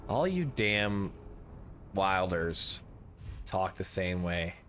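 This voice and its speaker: A man's voice: deep voice, lively intonation, drawn-out words, fairly bright tone, slight background noise. A man streaming a tabletop game with friends, chatting casually, rambling through jokes and riddles and swearing now and then.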